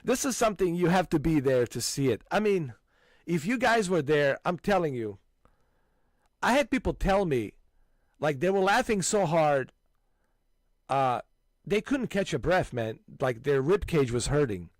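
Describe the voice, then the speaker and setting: A man hosting a gaming channel, loudly swapping stories with friends and breaking into frequent laughter and exclamations. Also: on the high side, big pitch swings, measured pace, dry recording, studio quality. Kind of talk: casual chat with friends.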